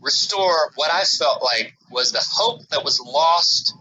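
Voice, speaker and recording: Lively, bright-voiced man telling a story. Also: a little high, slow pace, slight background noise, low-quality recording. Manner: animated, acts out his own panicked quotes loudly; rambling with many restarts and "like". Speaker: podcast co-host. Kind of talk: casual storytelling chat.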